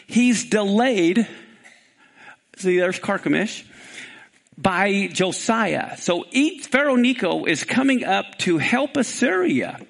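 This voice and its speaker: Man, Kansas accent, Bible teacher, high voice with gravel, animated delivery of verses. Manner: animated, rising for emphasis on scripture.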